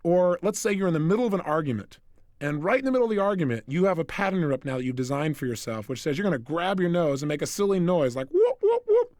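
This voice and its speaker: Animated man giving a self-help lecture. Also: a little high, fast, no echo, clean studio sound. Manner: animated, energetic, addresses listener directly.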